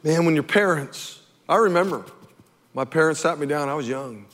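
A man preaching a sermon as pastor, animated and emphatic, firing off rhetorical questions at his congregation. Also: on the high side, moderate pace, in a large hall.

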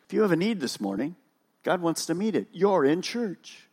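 A man's voice: high voice, very animated, moderate pace, darkish tone, husky. A male pastor preaching a sermon at a church service, emphatic and full of rhetorical questions.

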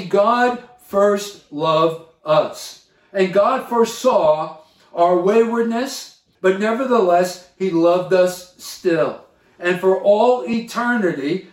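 A man with a fairly high voice preaches a sermon at an unhurried, measured pace. He leans on key words and pauses between phrases like a pastor at the pulpit. His voice carries a noticeable roomy echo. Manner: slow, deliberate preaching with emphatic pauses.

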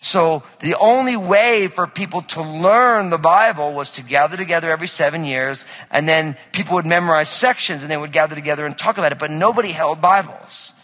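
A man's voice: fairly high pitch, a little fast, few pauses, pushed and bright, long reverb tail, poor audio. A male pastor giving a sermon in a conversational style, often asking the congregation questions. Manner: conversational, asks the audience questions.

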